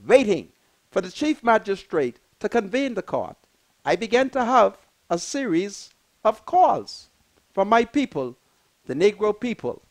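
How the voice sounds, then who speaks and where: Older male TV talk host, emotional and exclamatory, lively swooping pitch. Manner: emotional, exclamatory, repeats his phrases. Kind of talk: live TV talk show commentary.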